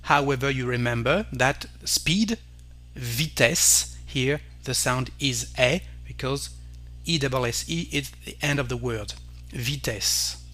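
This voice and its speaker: A man with a French accent, a native French speaker, teaching pronunciation carefully and repeating each word slowly. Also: medium pitch, pushed and bright. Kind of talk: slow pronunciation lesson.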